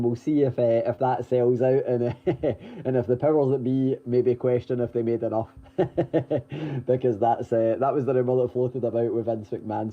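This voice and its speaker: A man co-hosting a podcast, running through the week's wrestling news in a chatty way, with lots of ums, restarts and the odd chuckle. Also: medium pitch. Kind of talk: casual news rundown. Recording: dull lo-fi audio.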